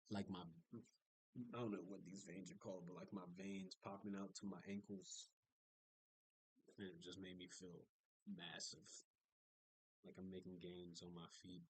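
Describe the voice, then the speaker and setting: A young man talks through his day in a loose, rambling video diary, piling up fillers and restarts as he goes. His voice sits a little low, and the sound is dry and close, with no room around it. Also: dry recording, poor audio. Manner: rambling, chatty storytelling with many fillers and restarts. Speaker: vlogger.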